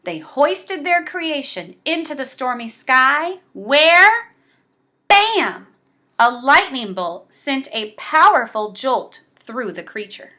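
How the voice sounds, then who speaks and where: A woman reading a children's picture book aloud, slow and expressive. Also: sits high. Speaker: storybook reader.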